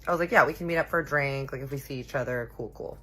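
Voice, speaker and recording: A woman in her thirties telling a personal story in a chatty, animated way, acting out what people said. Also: a bass voice, very fast. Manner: chatty, animated, quotes people in little voices. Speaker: storytime vlogger. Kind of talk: casual storytelling.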